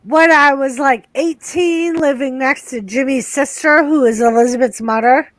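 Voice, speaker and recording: A woman's voice: sits high, moderate pace, no room sound. A woman with a Boston accent hosting a casual watch party stream from home, giggling, teasing and swearing freely. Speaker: stream host.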